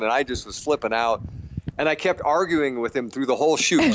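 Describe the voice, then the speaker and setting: A man's voice: medium pitch, expressive, fairly quick. A middle-aged man, an actor and producer, tells behind-the-scenes stories in a casual interview, laughing and swearing often. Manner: laughing, profane anecdotes.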